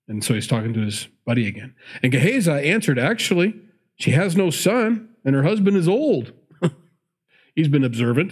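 A man's voice: fairly high pitch, husky. A man preaching a sermon, reading scripture aloud and breaking off into chatty asides, correcting himself as he goes. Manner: chatty asides between read verses, self-correcting.

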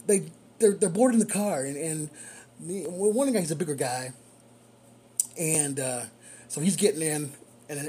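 Warm-voiced man telling a driving story. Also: a little high, husky. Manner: animated, chuckles often. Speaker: rideshare driver. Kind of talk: casual storytelling.

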